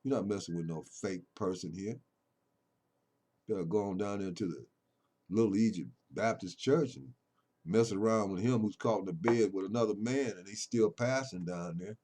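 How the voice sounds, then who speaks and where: Male poet, impassioned preachy monologue, slightly low voice, loud-to-soft swings. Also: normal speed. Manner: preachy and emphatic, swinging between loud declarations and low intimate murmurs. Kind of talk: impassioned spoken monologue on his poems.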